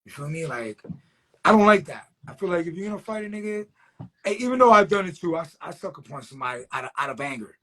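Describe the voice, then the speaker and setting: New graff writer guy, husky kinda high voice, cursing and rambling through stories, casual interview. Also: big pitch swings, fast talker, a bit bright. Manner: loose, profane, streetwise, peppered with "you know what I'm saying".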